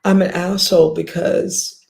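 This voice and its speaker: A woman's voice: fairly low pitch, level tone, unhurried, vocal fry, darkish tone. A woman hosting a livestream, ranting bluntly and profanely at her viewers with scoffs and sighs. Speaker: livestream host.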